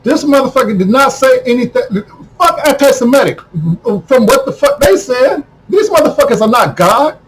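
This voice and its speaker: A man delivering a heated, profane monologue to camera, repeating himself and breaking into shouts. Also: very high voice, sing-song, normal speed, a little hiss or hum, rough recording. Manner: heated, repetitive, swears constantly, bursts into shouting. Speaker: video commentator.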